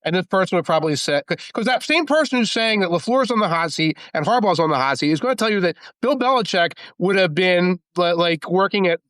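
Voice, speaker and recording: A man talking football as a podcast guest, rambling and animated, full of asides. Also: sits high, a little fast, few pauses, no echo. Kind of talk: casual sports talk.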